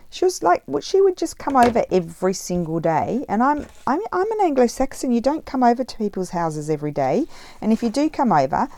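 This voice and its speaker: A woman's voice: on the low side, a little mellow. A middle-aged woman chatting casually while she crafts, rambling with many fillers. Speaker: craft vlogger. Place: home craft table, indoors.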